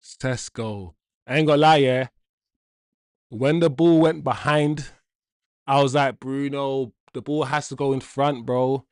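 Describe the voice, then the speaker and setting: A young man streaming a live football watchalong, talking to viewers in slang and swinging between mutters and loud outbursts. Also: medium pitch, fairly even intonation, measured pace, smooth, dry recording, clean studio sound. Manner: loud swings from groans to shouts, slang-heavy.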